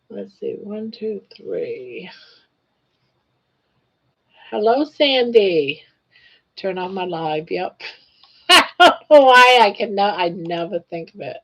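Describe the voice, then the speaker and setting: An older woman chats in an unhurried, drawn-out way as she hosts a live crochet stream. She coos fondly at her pet between greetings to viewers. The audio is dull and muffled, like a lo-fi live stream. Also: medium pitch. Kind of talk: casual live-stream chat.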